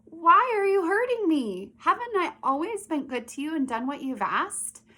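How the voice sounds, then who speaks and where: A woman's voice: extremely high pitch, sing-song, normal speed, sharp tone, pitched above the performer's own voice, full character voice. A woman voicing a wronged talking donkey, who asks in a plaintive, pleading way why it is being hurt.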